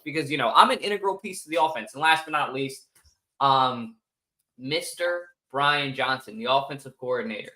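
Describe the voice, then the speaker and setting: A man's voice: mid-range voice, lively intonation, moderate pace, bright, forceful tone, rough recording. A man co-hosting a sports podcast, joking and opinionated in casual chat. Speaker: podcast co-host.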